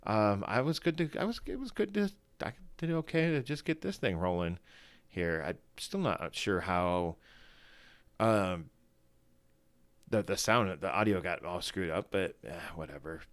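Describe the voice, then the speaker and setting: Man, very low voice, morning voice, rambling casual stream chat, dry close sound. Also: lively intonation, unhurried, dry recording. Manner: rambling, self-deprecating, many fillers and restarts. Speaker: fantasy football streamer. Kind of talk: casual solo livestream chat.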